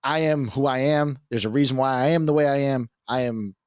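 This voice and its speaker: Fast-talking, cocky male podcaster. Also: mid-range voice, clean tone, dry recording, clean studio sound. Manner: rambling, profane, self-assured. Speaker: podcast co-host. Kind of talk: casual podcast chat.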